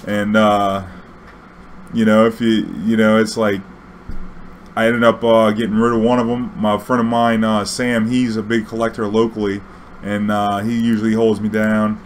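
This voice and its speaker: Young guy w a lowish voice swearing thru a story, faint room hum behind. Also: moderate pace. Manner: profane, animated, acts out dialogue. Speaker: streamer telling a story. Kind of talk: casual storytelling.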